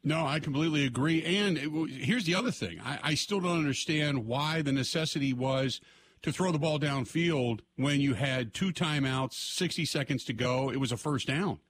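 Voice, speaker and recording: Animated male sports radio host. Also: on the high side, moderate pace, a little hiss or hum. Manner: animated, repeats himself for emphasis.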